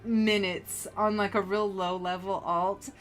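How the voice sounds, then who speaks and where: A woman talks casually at her desk mic while she plays, her voice sitting in an ordinary middle pitch. She rambles and tells stories with lots of fillers, and faint game music hums behind her. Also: unhurried. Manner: chatty, rambling, animated storytelling with many fillers. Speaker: streamer. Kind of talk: casual gameplay commentary.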